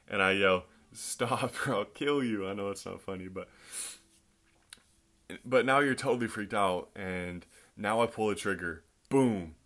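A man's voice: deep voice, a bit bright. A man giving an earnest, conversational teaching talk on faith, acting out little scenes with raised quoted voices. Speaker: Christian teacher.

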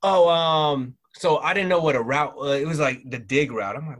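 A middle-aged man telling stories from his past in a relaxed, rambling way, full of fillers and restarts. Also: a little high, normal speed. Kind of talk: casual interview storytelling.

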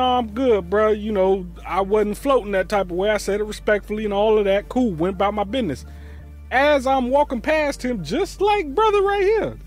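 A high-pitched man hosts a reaction show, loud and animated, with his voice swinging widely as he rants and swears freely. Faint music sits behind him. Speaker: host. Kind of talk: profane reaction commentary.

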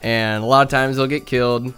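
Soft music plays as a young Northern California vlogger chats his way through loose cat stories at home in front of a bookcase, laughing and swearing throughout. His voice is mid-range, smooth, and a bit bright, moving fairly quickly with fairly even intonation.

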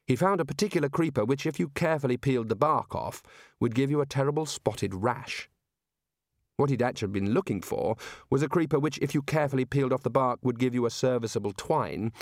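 A man reading a comic fantasy novel aloud in even, measured storytelling. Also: medium pitch, no room sound, studio quality. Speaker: audiobook narrator. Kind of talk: scripted narration.

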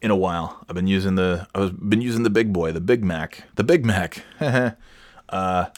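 Male solo podcast host, lowish voice, sarcastic and rambling, lots of fillers, dry recording. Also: moderate pace, dry recording. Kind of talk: casual solo monologue.

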